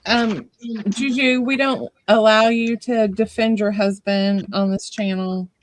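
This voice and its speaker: A woman's voice: mid-range voice, fairly even intonation, unhurried. A woman co-hosting a casual livestream, explaining things in a plain, matter-of-fact way. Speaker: co-host.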